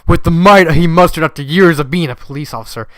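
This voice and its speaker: A man's voice: a little high, fast, no echo. A young man who just woke up, reading a fanfiction aloud with casual commentary and frequently breaking into giggles. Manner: giggly, easily breaks into laughter. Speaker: fanfiction reader.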